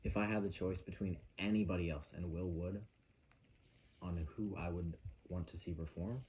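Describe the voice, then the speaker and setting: A young man vlogging into his phone, telling a story in an earnest, halting, emotional way with a casual rambling style. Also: low voice, steady tone, a little mellow, dull audio, slight background noise.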